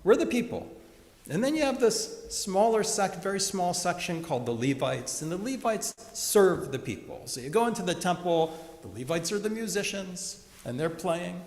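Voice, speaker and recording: A rabbi giving a funeral eulogy in a large synagogue sanctuary, telling lively stories with quick asides. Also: male voice, sits high. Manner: animated storytelling with asides. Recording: echoey hall with long reverb.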